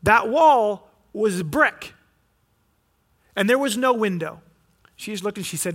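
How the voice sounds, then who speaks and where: A pastor preaching a sermon, telling a story and acting out what people say. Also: male voice, animated, slow pace, pauses often, a bit bright. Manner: storytelling, acting out quotes with rising pitch.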